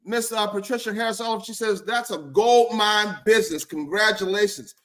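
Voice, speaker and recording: A man's voice: sits high, moderate pace, fairly bright tone. A man hosting a live stream interview, joking and teasing his guests in playful banter.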